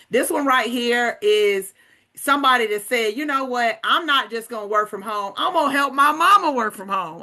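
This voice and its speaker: A woman presenting on an online group call, energetically pitching a work-from-home business and hyping up her team. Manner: energetic, hypes up others, casual asides like "guys" and "okay". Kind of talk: enthusiastic sales pitch.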